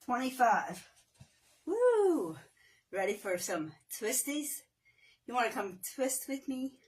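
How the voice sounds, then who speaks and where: Woman, live workout host, chatty and joking, counts reps aloud, somewhat high pitch. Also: a little slow, far from the mic. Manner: breaks into playful off-key singing. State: exercising, at times strained. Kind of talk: casual livestream workout chat.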